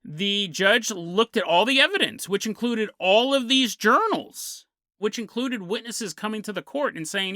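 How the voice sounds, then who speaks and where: A man's voice: sits high, expressive, a little slow, bright, forceful tone, dry recording, clean studio sound. A man hosting a podcast, telling a strange story with a comedic bent and chuckling through his jokey asides. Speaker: podcast host.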